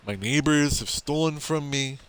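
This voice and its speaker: A man's voice: a little high, normal speed, smooth. A man rambling through gameplay commentary in a mock-earnest, confessional way, cracking self-mocking jokes. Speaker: gameplay streamer. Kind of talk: rambling let's-play commentary.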